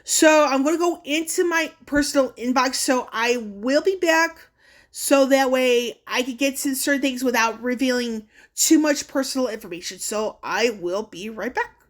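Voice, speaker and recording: High-voiced woman vlogger giving a warning. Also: moderate pace. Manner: earnest, warning, with fillers and restarts. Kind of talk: casual screen-share walkthrough.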